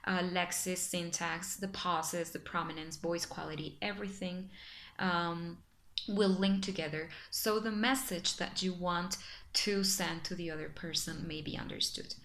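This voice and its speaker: A woman's voice: lowish voice, fairly even intonation, unhurried, fairly bright tone, a little hiss or hum. A woman whose first language is Spanish, presenting a lesson with careful pacing, frequent fillers and self-corrections. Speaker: student presenter. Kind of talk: explanatory lesson.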